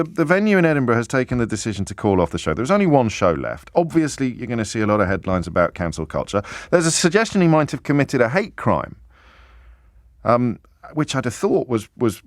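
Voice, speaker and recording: A man's voice: mid-range voice, dry recording, studio quality. A man hosting a radio phone-in, musing aloud in a conversational, self-deprecating way with many stammered restarts. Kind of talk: talk radio monologue. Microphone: studio microphone.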